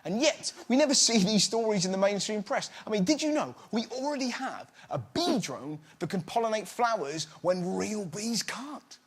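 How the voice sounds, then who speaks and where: A man's voice: sits high, lively intonation, moderate pace, few pauses, breathy edge. A British man doing stand-up comedy as host, brash and mocking, before a live studio audience. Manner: brash, mocking, puts on silly voices. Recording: loud crowd and room noise.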